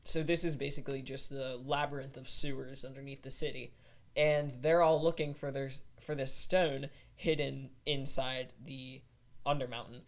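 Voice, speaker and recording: A man's voice: medium pitch, steady tone, normal speed. A man on a podcast, casually recounting his moves as a player in a tabletop game.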